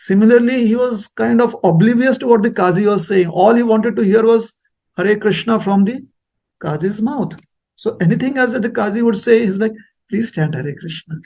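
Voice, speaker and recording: A man giving a sermon, telling a story in a lively, animated way. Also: high voice, moderate pace, gravelly. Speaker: speaker at a temple talk.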